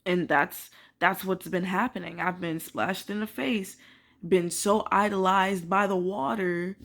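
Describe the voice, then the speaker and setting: A woman's voice: lowish voice, steady tone, measured pace, vocal fry. Ranting woman vlogger, lots of "like". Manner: emphatic, swears, many filler "like"s; swings from quiet musing to loud disbelief. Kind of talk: casual rant to camera.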